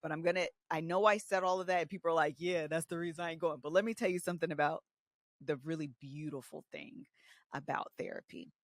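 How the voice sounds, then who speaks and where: A woman in her thirties, co-hosting a podcast and telling candid stories about her own marriage, animated and casual, acting out the voices she quotes. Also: low-pitched, quick pace, no room sound, studio quality. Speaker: podcast co-host. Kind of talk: candid conversational storytelling.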